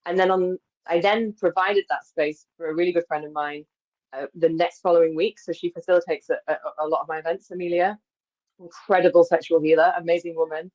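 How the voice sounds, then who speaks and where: A woman speaking as an interview guest, telling personal stories openly with lively self-corrections. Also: fairly low pitch, a little fast. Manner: open, animated, frequent self-corrections and laughs. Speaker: guest, embodiment coach. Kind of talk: candid conversational storytelling. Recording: slightly dull, lo-fi audio.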